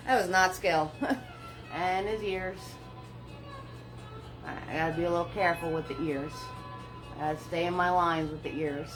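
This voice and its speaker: A woman's voice: lowish voice, steady tone, music in the background, low-quality recording. A woman teaching a live paint-along class, chatty and encouraging, talking herself through each brush step with little laughs. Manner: slow, unhurried delivery with little laughs. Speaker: painting instructor.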